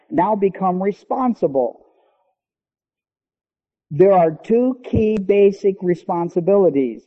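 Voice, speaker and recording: A man preaching a sermon, teaching emphatically and slowing down to stress key words. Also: sits high. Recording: long hall reverb, dull lo-fi sound.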